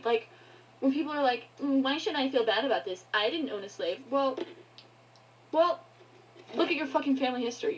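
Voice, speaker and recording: A woman's voice: fairly high pitch, a little mellow, slight background noise, rough recording. A woman ranting angrily to her viewers, swearing often and breaking off mid-sentence. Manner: angry, swearing, halting. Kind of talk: heated rant to camera.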